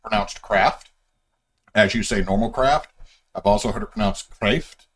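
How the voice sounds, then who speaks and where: A man's voice: fairly low pitch, moderate pace, a little hiss or hum. A man as game master, casually walking his players through setting lore with plenty of fillers and restarts. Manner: rambling, filler-heavy explaining. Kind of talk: casual session-zero lore briefing.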